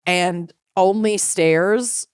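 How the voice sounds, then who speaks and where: A woman's voice: on the low side, extremely slow, darkish tone, clean tone, dry recording, clean studio sound. Chatty, foul-mouthed woman co-host. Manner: chatty, swears freely, laughs often. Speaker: podcast co-host. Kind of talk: casual chat.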